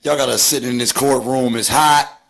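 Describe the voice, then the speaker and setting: A man in a live audio chat room, complaining loudly with profane jokes. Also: medium pitch, fairly even intonation, moderate pace, vocal fry. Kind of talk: casual chat.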